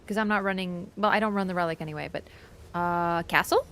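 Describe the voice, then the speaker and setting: A woman streaming a video game in casual chat, excitable, swearing and yelping when startled. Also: fairly low pitch, brisk. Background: game music.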